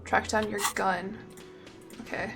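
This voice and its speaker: A woman's voice: medium pitch, steady tone, slow, music in the background. A young woman streamer giving chatty, playful gameplay commentary at a desk mic. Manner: chatty, playful, impulsive, often laughing.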